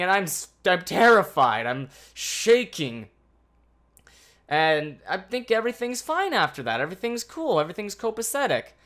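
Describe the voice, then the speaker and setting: Male vlogger, animated anxious storyteller with crude language, bright tone. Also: sits high, clear, resonant tone. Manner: animated, swearing, anxious retelling. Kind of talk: casual storytime vlog.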